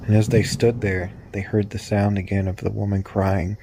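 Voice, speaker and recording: A man slowly narrating a spooky true story, drawn out and hushed at moments. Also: lowish voice, flat delivery, very noisy.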